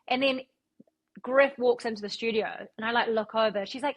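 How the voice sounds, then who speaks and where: A woman's voice: on the high side, steady tone, a little fast, fairly bright tone. A woman, a radio broadcaster telling stories as a guest in a casual interview, swearing freely. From New Zealand. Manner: chatty storyteller, swears freely.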